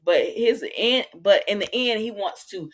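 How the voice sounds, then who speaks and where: A woman's voice: mid-range voice, a little slow. A woman hosting a casual recap, chatty, retelling scenes and quoting the characters. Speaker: soap opera recap host.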